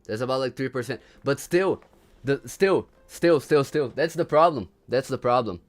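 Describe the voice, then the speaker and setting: A man's voice: mid-range voice, lively intonation, moderate pace, faint music behind. A young man from Brazil with a Brazilian accent, hosting a casual livestream, laughing often and repeating himself in slangy chatter. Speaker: livestream host.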